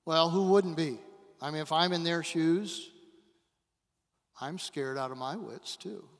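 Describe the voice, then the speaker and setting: A man preaching a sermon as a guest pastor, telling a story dramatically with long pauses and big swings between quiet and loud. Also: on the high side. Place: church sanctuary. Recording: church hall with long reverb.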